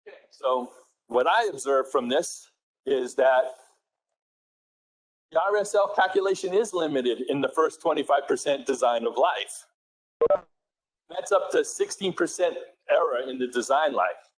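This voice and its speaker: A man's voice: a little high, lively intonation, measured pace, long pauses, low-quality recording. A man with a New England accent giving a technical conference presentation in a conversational way, correcting himself and asking the audience questions.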